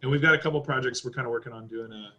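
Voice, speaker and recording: Bright-voiced joking Texan man. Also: mid-range voice, rapid-fire, highs cut off. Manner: joking, laid-back drawl. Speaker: podcast guest. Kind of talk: casual chat.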